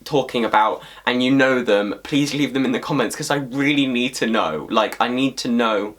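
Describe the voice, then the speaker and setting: A man vlogging in a loose, ranting monologue. He talks at a medium pitch and swears freely. His delivery is animated and exasperated, full of fillers and restarts. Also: moderate pace.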